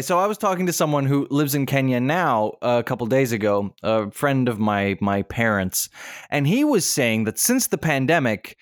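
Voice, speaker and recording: A man's voice: a little high, no room sound, studio quality. A man co-hosting a podcast, telling a story in an easygoing, agreeable way with small stumbles. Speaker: podcast co-host. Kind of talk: casual podcast chat.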